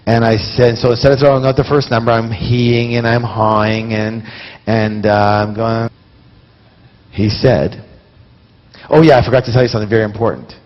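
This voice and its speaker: A man's voice: mid-range voice, moderate pace. Man telling stories at a seminar, dull lo-fi sound. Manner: animated, talks straight to the audience. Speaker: seminar speaker. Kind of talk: live seminar storytelling. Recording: dull lo-fi recording.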